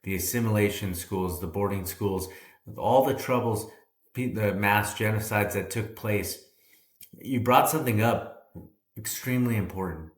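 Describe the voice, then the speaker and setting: Low-voiced man telling a rambling story. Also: moderate pace, roomy sound. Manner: rambling storytelling with many "right?" asides. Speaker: podcast host. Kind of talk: casual interview conversation.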